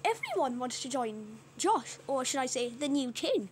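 A woman's voice: high voice, sing-song, normal speed, a little hiss or hum, pitched below the performer's own voice. A woman voicing a scheming villainous male pig leader who talks in a smug, condescending way. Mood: gloating.

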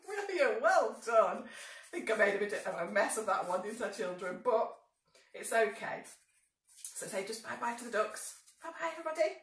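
A woman's voice: high voice, expressive, takes it slowly, pauses often, roomy sound, distant mic. A woman leading a baby and toddler group, singing nursery songs and talking cheerfully to small children. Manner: cheerful, sing-song, speaking to small children. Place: church room.

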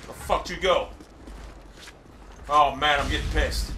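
A man commentating his own gameplay live, cursing and boasting, often breaking into frustrated shouting. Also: on the high side, animated, unhurried, pauses often. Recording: echoey room, distant mic, faint hiss.

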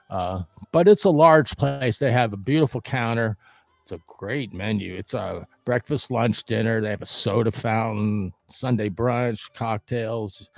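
An older man hosting a casual restaurant review vlog, talking in a rambling way with many fillers and the odd loud whoop. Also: fairly low pitch, dry recording. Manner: bursts of loud whooping cheers.

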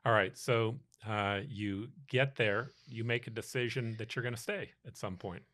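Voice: medium pitch, fairly even intonation, moderate pace, fairly bright tone, no room sound, clean studio sound. A podcast host interviewing a guest, with short prompting questions. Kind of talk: conversational interview.

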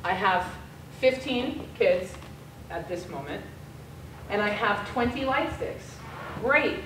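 An American woman giving a guest lecture to a class, telling a story in a frank, casual, lively way. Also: mid-range voice, takes it slowly, slight background noise. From United States. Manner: animated storyteller, casual and frank with mild swearing. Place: lecture room. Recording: echoey room, voice from far off.

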